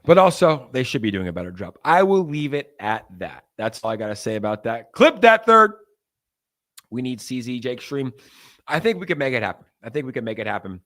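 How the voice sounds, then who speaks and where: A young man hosting a crypto livestream, talking to viewers in a loose, animated, ranting way. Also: medium pitch, brisk. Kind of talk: casual livestream talk.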